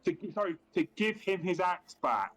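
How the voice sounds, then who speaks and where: A man's voice: high-pitched, very animated, moderate pace, low-quality recording. An Australian man playing his character in a tabletop game over an online call, polite with stammering restarts. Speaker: player. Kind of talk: tabletop role-play.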